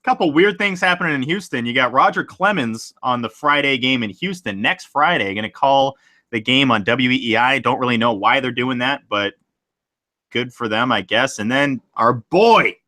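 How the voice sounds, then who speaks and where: A young man hosting a podcast, chatting casually about sports in an excitable, rambling way and laughing easily. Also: mid-range voice, moderate pace. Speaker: podcast host.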